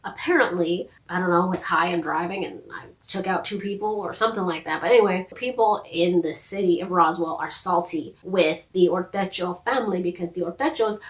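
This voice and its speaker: A woman's voice: on the low side, fairly quick, few pauses, reverberant, rough recording. A woman recapping and reviewing a TV show in a chatty, sarcastic vlog style. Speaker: TV review vlogger.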